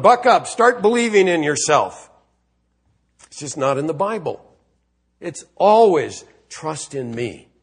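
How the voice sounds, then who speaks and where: A male preacher delivers a sermon in a conversational register. His voice sits a little high for a man. He talks plainly and with emphasis, breaking into mock-casual asides.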